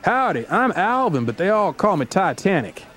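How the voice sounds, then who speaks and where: A man's voice: high voice, very animated, slow, pitched above the performer's own voice, exaggerated voice. A man voicing a charming, folksy Southern male gambler who brags in colorful sayings. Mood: friendly. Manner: bragging, full of colorful sayings.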